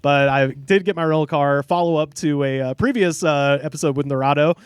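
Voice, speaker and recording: A man hosting a podcast, telling a story in a casual, animated way, laughing often and swearing freely. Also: on the high side, a little fast, smooth, dry recording. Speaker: podcast host. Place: outdoors in a park.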